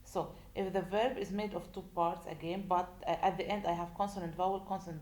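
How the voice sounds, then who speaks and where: Low-voiced woman teaching slowly. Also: darkish tone. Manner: slow, deliberate, repeats and asks rhetorical questions. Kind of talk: recorded grammar lesson. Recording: echoey room with faint noise.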